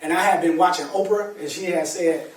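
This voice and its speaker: A man speaking as a motivational speaker, telling a personal story to an audience in an animated, colloquial way with laughter. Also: on the high side, a little fast, a little hiss or hum. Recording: echoey room, distant mic, faint ambience.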